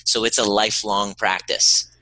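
Earnest male podcast guest, low and very bright voice, dry close-mic sound. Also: little pitch movement, normal speed, dry recording, rough recording. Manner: earnest, emphatic, acts out dialogue in his stories. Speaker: podcast guest, emotional healing teacher. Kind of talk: conversational interview, storytelling.

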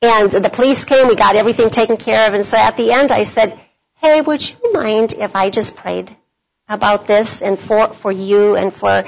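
A woman's voice: mid-range voice, moderate pace, gravelly. A middle-aged woman speaking at a women's conference workshop, telling a personal story in a chatty devotional style with frequent laughs. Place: meeting room at a conference. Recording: dull lo-fi conference audio.

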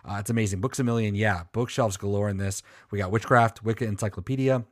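Rambling, swearing man with a low voice. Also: fairly even intonation, quick pace, no room sound, studio quality. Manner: rambling, joking, swears freely. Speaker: podcast co-host. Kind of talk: casual chat.

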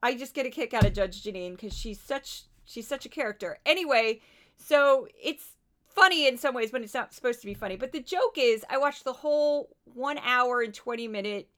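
A woman with a Midwestern American accent hosting a podcast, talking in a chatty, animated way with asides. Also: a little high. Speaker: podcast host. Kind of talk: casual commentary.

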